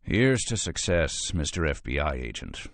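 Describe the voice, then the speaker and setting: A man voicing a sullen, insolent young police officer who answers in flat, clipped, sarcastic replies in an audiobook. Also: a bass voice, normal speed, no room sound, full character voice.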